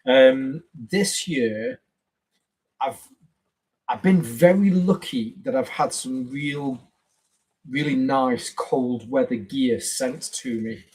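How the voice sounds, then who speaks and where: Husky, rambling live stream host. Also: male voice, medium pitch, slow, darkish tone, low-quality recording. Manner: rambling, greets viewers by name. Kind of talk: casual live stream chat.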